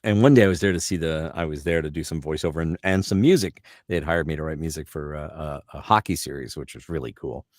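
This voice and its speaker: A middle-aged man with a very deep voice tells stories in a relaxed, casual chat. He quotes people with quick character voices, and the sound is dry and close with no room around it. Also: no room sound. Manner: animated anecdotes, slips into character voices for quotes. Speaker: voice actor guest.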